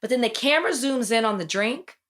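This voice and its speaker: A woman hosting a podcast, retelling TV episodes in casual chat and acting out the quotes. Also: fairly quick. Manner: animated storytelling, acts out quotes with big pitch jumps. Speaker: podcast host.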